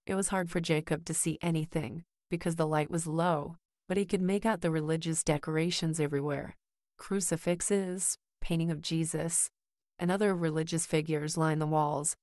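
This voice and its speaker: A woman narrating a horror story in a slow, measured storytelling manner. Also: sits low, fairly even intonation, a little mellow, no room sound, studio quality.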